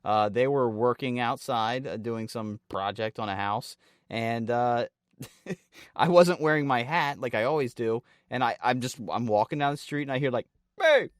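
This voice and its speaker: A man co-hosting a podcast, spinning loose stories peppered with swearing. His voice sits at an average pitch. The mic sound is dry and close. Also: moderate pace, clean tone, no room sound. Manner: animated storyteller, swears often, acts out quotes. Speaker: podcast co-host. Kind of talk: casual chat.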